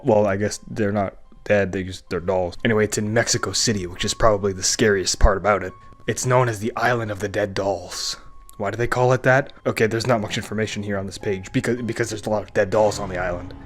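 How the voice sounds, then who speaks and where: A man giving comedic commentary as he reads funny online reviews aloud, with sarcastic, mock-outraged asides. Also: lowish voice. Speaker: comedy YouTuber reading reviews.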